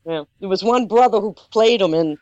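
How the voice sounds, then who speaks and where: A man's voice: high-pitched, moderate pace, a little mellow, no echo. A man with an accent, a guest talking casually about drumming, rambling with many fillers. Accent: non-native English. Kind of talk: casual chat. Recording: dull muffled sound, dry room.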